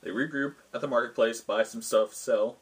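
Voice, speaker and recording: A man's voice: mid-range voice, steady tone, moderate pace, husky, low-quality recording. A man, the host, casually retelling a tabletop game session he ran, rambling with lots of fillers. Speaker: game master recounting a session. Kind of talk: casual storytelling.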